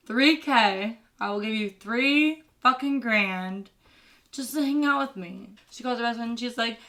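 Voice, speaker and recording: A woman's voice: a little high, unhurried, a bit bright. A young woman retelling a film as comedy, brash and swearing a lot, slipping into sassy character voices.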